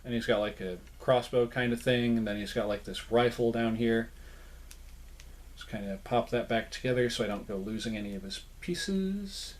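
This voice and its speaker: A man's voice: mid-range voice, moderate pace. Easygoing young man showing off toys. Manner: relaxed and rambling, with frequent "like" and self-deprecating asides. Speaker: toy collector channel host. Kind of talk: casual toy showcase narration.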